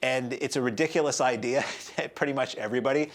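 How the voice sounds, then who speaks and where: A man's voice: mid-range voice, fast. Chatty, digressive man in his forties. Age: 40s. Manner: chatty, digressive, wry asides. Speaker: film review show host. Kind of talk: casual spoken movie review.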